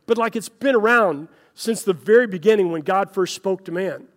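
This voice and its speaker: A man's voice: high voice, fairly quick, few pauses, long reverb tail. A man preaching a conversational sermon as pastor, telling stories in a folksy way and speaking straight to his listeners. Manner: folksy storytelling, addresses listeners as "guys".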